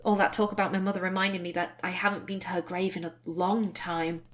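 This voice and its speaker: A woman's voice: fairly low pitch, level tone, brisk, pitched below the performer's own voice, natural voice. Woman reading a thoughtful young heroine. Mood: reflective. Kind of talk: voiced game reading.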